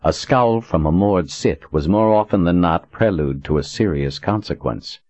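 A man narrating an audiobook in a steady, even reading. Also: sits low, normal speed, dry recording. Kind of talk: scripted narration. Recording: dull dry recording.

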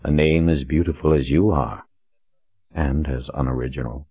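A man voicing a calm, controlled male customer who speaks in a measured, understated way. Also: rumbling low, husky, no echo, highs cut off. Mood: cool.

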